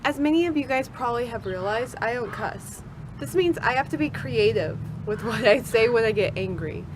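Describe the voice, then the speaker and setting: A woman's voice: a little high, moderate pace. A young woman telling a casual storytime vlog outdoors, with birds and cars in the background. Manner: animated, mock-angry rants with kid-friendly insults. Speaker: vlogger. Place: outdoors in nature. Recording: faint outdoor background noise. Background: birds, cars and distant voices.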